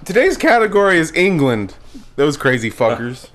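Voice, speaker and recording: A man's voice: fairly high pitch, sing-song, normal speed, a bit bright, a little hiss or hum. Rambling laughing male podcast host. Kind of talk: casual chat.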